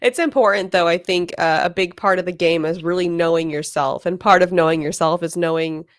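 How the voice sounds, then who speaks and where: A woman's voice: fairly low pitch, a little fast, no echo, studio quality. A woman co-hosting a podcast who asks long, enthusiastic questions with fillers. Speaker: podcast co-host. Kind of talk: casual interview chat.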